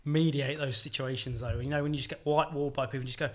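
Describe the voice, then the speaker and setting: Quick-talking man chiming in. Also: mid-range voice, steady tone, a crowd in the background. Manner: chatty and quick to chime in. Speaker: podcast co-host. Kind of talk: casual chat.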